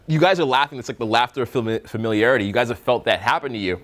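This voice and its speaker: A man's voice: mid-range voice, very fast, fairly bright tone. A man coaching a live seminar room on dating, talking bluntly with swearing and jokes, slipping into mocking voices to make his points. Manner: blunt, profane, joking, slips into mocking put-on voices.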